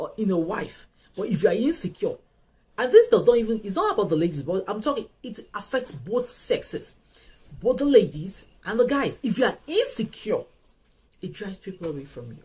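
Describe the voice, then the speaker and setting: A woman giving casual advice on love, animated and emphatic, often repeating herself. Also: mid-range voice, slightly rough, rough recording. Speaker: host.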